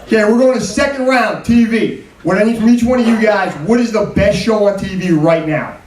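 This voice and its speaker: A man's voice: high voice, a little fast. A man hosting a live comedy panel, making wry, self-deprecating jokes and quizzing the guests. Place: comedy club stage. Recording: roomy stage sound from far off, loud crowd.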